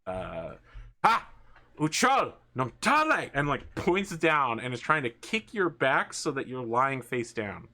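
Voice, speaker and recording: A young adult man narrating a tabletop game as game master, slowing down for dramatic moments. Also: mid-range voice, expressive, pushed and bright.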